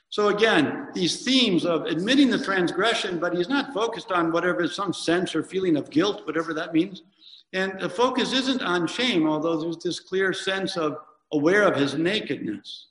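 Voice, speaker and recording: A man preaches a reflective sermon in a slightly higher voice, pausing often and correcting himself as he goes. His words ring through a church with a long, echoing reverb. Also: a bit bright. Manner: reflective, reads hymns aloud with pauses and self-corrections. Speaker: priest. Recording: echoey church hall from a distance.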